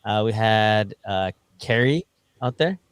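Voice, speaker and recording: A man's voice: fairly low pitch, animated, slow, smooth, no echo. Laid-back man on a dry mic. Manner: laid-back, lots of fillers and laughs. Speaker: podcast co-host. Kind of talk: casual chat.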